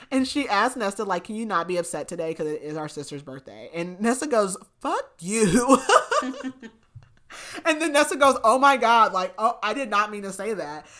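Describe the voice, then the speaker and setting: A woman's voice: deep voice, fairly bright tone. A young woman co-hosting a podcast, recapping a fantasy novel in casual chat, full of "like" fillers and laughter. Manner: chatty, filler-heavy with frequent "like", laughs often. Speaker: podcast co-host.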